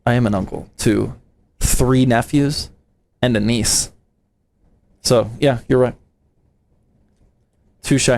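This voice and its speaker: A man's voice: medium pitch, fairly even intonation, slow, vocal fry, long pauses, a little mellow. A young man from the United States, a PC building streamer, chatting casually with his live chat in a slangy, playful way.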